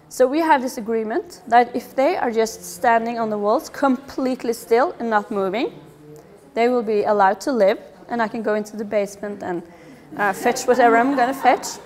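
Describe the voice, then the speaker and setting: A middle-aged woman speaks English, her voice sitting a little high. She gives a public talk in a lively, humorous way, often slipping into the voices of the people she quotes. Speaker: speaker on children's behaviour.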